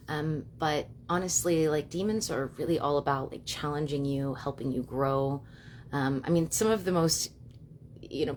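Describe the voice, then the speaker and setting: A young woman with a low voice talks quickly into her phone on a home live stream, stringing thoughts together with plenty of fillers. A faint rumble sits behind her. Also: a little mellow. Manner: fast, chatty, many fillers like "you know" and "like". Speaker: livestream host and witch. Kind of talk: casual live-stream talk.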